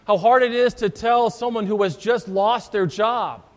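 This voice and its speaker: Male pastor, high voice, conversational storytelling sermon, long church reverb. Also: moderate pace.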